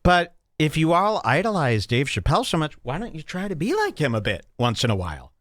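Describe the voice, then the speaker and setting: A man's voice: fairly high pitch, a little fast, no room sound, studio quality. A man hosting a podcast, reacting to clips with casual, mocking commentary. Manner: animated, mocking, jumps between loud and quiet.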